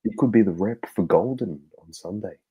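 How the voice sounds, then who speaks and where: Deep husky Australian man, casual banter. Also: fairly quick, phone-quality sound. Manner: loose, sweary, laughing storyteller. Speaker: podcast co-host. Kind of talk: casual sports podcast chat.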